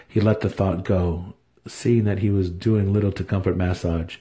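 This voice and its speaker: Low-voiced man reading a fantasy novel. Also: steady tone, moderate pace, warm tone, reverberant. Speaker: narrator. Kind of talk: dramatic audiobook reading.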